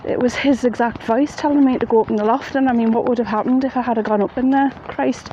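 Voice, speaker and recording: A woman's voice: fairly high pitch, steady tone, quick pace, dark tone, dull audio. Chatty woman outdoors. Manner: chatty, plain-spoken, dialect grammar. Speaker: storyteller. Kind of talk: casual outdoor ghost story telling. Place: outdoors in heavy rain at night. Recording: faint rain noise behind.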